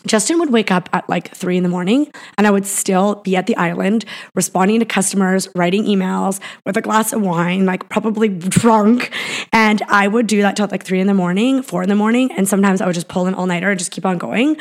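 A woman's voice: mid-range voice, fairly quick. A woman from Canada talking as a business founder in a casual interview, rambling with lots of fillers and restarts.

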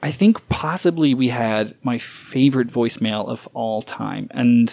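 A man's voice: medium pitch, a little slow, vocal fry, darkish tone, no echo, clean studio sound. A man co-hosting a casual podcast, joking crudely and recording on a phone. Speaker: podcast co-host. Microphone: phone in selfie mode.

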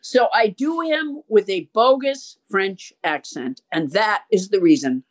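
A woman's voice: mid-range voice, animated, measured pace. An older woman hosting a podcast, chatting in a wry, rambling, self-deprecating way. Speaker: podcast host. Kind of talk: casual chat.

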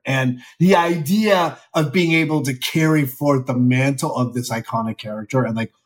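A man in his fifties, an actor guest in a casual interview, talking candidly in a rambling, self-deprecating way. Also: medium pitch. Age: 50s.

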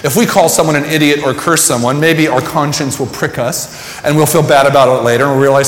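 A man's voice: on the high side, steady tone, a little fast. A man preaching a sermon, telling a personal story and reflecting in a conversational way. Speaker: pastor. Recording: echoey hall with long reverb.

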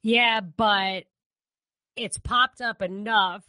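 Female podcast co-host, opinionated and chatty, mid-pitched, dry mic. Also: fairly even intonation, very slow, pushed and bright, dry recording. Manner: opinionated, conversational, restarts often. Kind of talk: casual political podcast chat.

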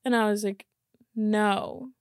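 Talking at a slow pace with fairly even intonation, a young podcast host keeps the chat loose and rambling, laughing frequently and leaning on "like." Her voice is mid-range, recorded in clean studio sound with no room noise.

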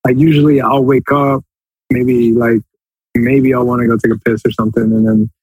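A man's voice: medium pitch, little pitch movement, normal speed, darkish tone, breathy edge, no room sound, poor audio. A man co-hosting a casual soccer podcast, talking in a loose, rambling way and laughing easily. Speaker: podcast co-host.

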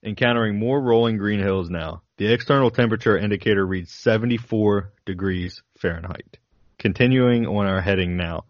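Male co-host, low voice, reads dramatically; dull, dry sound. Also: moderate pace, no room sound. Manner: dramatic reading with laughs breaking in. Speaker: podcast co-host. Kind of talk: reading a flight log aloud, then casual chat.

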